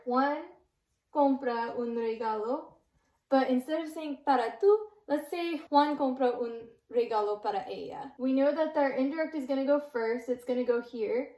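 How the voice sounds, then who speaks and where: A woman's voice: sits high, dark tone. Patient young woman tutor, echoey room. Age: young adult. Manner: patient, step-by-step, slows down to spell out examples. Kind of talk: explanatory grammar lesson.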